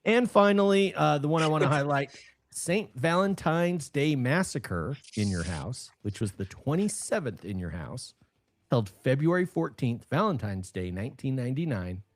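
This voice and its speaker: Animated man recounting events. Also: mid-range voice, normal speed. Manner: animated storyteller, bursts of excited emphasis. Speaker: podcast co-host. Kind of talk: casual podcast chat.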